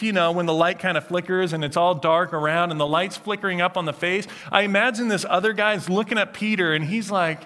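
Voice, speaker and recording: A man preaching a sermon, retelling a scene in an animated storytelling manner. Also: high voice. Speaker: pastor.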